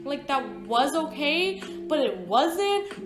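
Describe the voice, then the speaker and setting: A woman's voice: sits high, animated, takes it slowly, few pauses. A woman of about twenty telling a casual, rambling story with frequent swearing and offhand asides. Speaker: vlogger. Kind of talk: casual storytime over a speedpaint. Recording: echoey room with background music.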